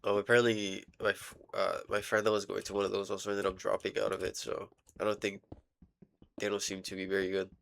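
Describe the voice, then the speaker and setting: A young man rambling casually in a diary vlog, halting and full of fillers, swearing now and then while he plays a game. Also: on the low side, monotone, creaky, fairly bright tone, a little hiss or hum. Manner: playing a game while talking. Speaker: vlogger.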